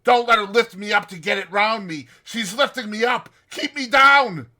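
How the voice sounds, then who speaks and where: A dying man raves in terror at a ghost only he can see, pleading in high, loud, frantic cries, as a man puts him on in an audiobook. His voice is bright and strained. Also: animated, normal speed, creaky, exaggerated voice. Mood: terrified. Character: terrified, raving dying man seeing a ghost.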